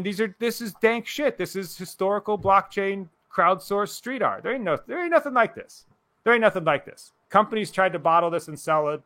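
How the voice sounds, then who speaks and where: A man co-hosting a casual talk show over a video call, ranting loudly and swearing often. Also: fairly high pitch. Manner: loud, profane, ranting. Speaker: podcast co-host. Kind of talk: casual chat.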